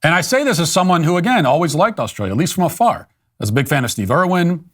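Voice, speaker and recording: A man from the United States hosting a commentary show, speaking in a sardonic, mocking, deadpan way as he reads out a news article and responds to it. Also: a little high, fast. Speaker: political commentator host. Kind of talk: scripted monologue with reading aloud.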